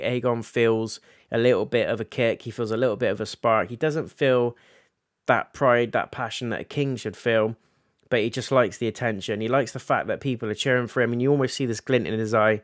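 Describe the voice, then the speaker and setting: A man's voice: medium pitch, fairly even intonation, a little fast, dry recording, studio quality. A man gives a casual episode review, animatedly recapping scenes and acting out the characters' lines.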